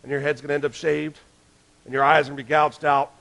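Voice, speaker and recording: High gravelly preacher man. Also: flat delivery, fast. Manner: emphatic, swings between loud urgent lines and hushed ones. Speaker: pastor. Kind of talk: sermon.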